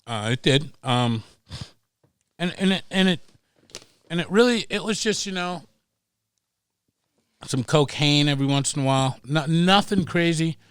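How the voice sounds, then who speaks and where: A middle-aged man telling stories as a podcast guest, animated and profane, acting out voices as he goes. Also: on the high side, measured pace, pauses often, clear, resonant tone, dry recording. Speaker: guest, pro snowboarder. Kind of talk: casual storytelling.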